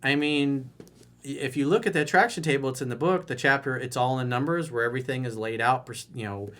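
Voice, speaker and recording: A man's voice: mid-range voice, brisk, fairly bright tone. A man coaching on dating in a solo monologue, blunt, mocking and profane.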